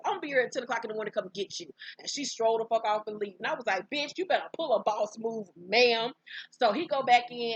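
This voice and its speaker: A woman recapping a reality show in casual, profane storytelling, bursting into high, loud exclamations. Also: slightly rough, no echo, muffled recording. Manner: profane, brash, outspoken commentary; breaks into high-pitched exclamations.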